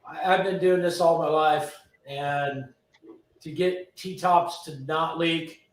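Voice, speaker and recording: A man's voice: fairly high pitch, fairly even intonation, slow. A man hosting a live stream from his car restoration garage, joking and answering viewer questions in casual chat. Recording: roomy echo from a distance.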